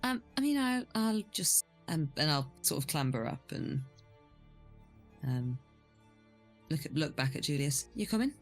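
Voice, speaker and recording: Lively, hesitant woman at a tabletop game. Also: sits low, unhurried, pauses often, faint music behind. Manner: hesitant, many fillers, lively speculation. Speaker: player. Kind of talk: tabletop role-play in character.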